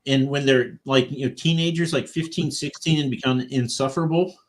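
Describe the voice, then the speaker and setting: A man's voice: medium pitch, a little fast. A man co-hosting a casual podcast, telling a story and acting out quotes. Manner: animated storyteller, acts out quotes.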